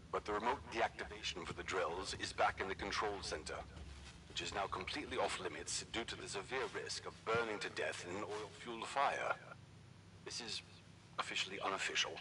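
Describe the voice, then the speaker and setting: A gruff older rig veteran. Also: male voice, sits low, rough recording. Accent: South African. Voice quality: gruff, swears under stress. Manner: urgent radio briefing, then soothing and stubborn. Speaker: radio contact at headquarters. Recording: game audio with steady background noise.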